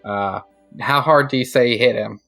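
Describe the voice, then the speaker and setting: Bright-voiced, casual male game master. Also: mid-range voice, moderate pace, creaky, faint music behind. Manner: casual, loose, full of fillers. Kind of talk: narrating a tabletop game.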